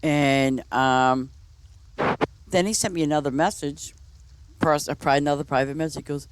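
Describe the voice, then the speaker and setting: A woman's voice: sits low, normal speed, pauses often. A woman game streamer chatting casually and telling rambling stories, full of "you know" and restarts. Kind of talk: casual storytelling chat.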